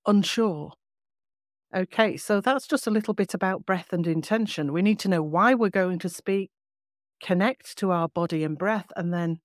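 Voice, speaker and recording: A woman voice coach explaining vocal technique in a clear, measured teaching manner. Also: medium pitch, no room sound, studio quality. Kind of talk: podcast teaching.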